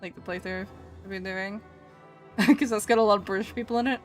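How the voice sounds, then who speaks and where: Woman streamer chatting w her chat while she draws, laughs a lot, mid pitch, soft music behind. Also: steady tone, fairly quick.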